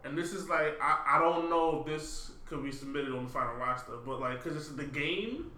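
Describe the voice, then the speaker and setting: A man from New co-hosting a podcast, excitable and quick to jump in. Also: on the high side. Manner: animated, excitable, jumps in. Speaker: podcast co-host. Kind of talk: casual chat. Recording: roomy echo with faint room noise.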